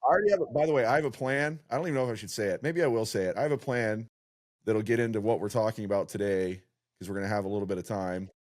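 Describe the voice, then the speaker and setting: Low-pitched male podcast co-host, casual and rambling. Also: very fast. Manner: rambling, many restarts. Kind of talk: casual chat.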